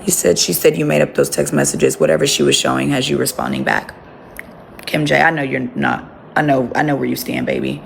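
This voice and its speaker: Lady on a phone livestream, low and gravelly, cussing and chatting to viewers, faint noise behind. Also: brisk. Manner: blunt, profane, talks to her dogs between remarks. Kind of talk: casual live chat with viewers.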